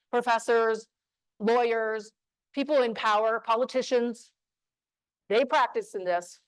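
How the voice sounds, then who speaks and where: A woman from New Mexico giving a motivational talk on voice skills to a live audience, emphatic and punchy with deliberate pauses. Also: a little high, no room sound, poor audio. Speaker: speaker on voice skills. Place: room with an audience.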